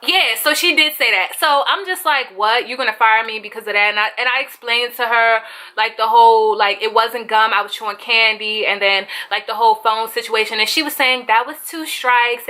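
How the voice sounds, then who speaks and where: Young woman ranting thru a storytime, bright voice, high-ish, cussing n acting it all out. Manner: animated, swearing, acts out quotes in raised voice. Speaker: vlogger. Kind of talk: casual storytime.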